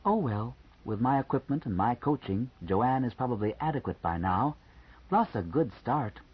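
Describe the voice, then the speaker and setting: A man's voice: medium pitch, expressive, normal speed, husky. A man reading an audiobook, voicing a playful, flirtatious woman who teases and banters affectionately. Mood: teasing. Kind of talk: audiobook character voice. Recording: slightly muffled lo-fi recording.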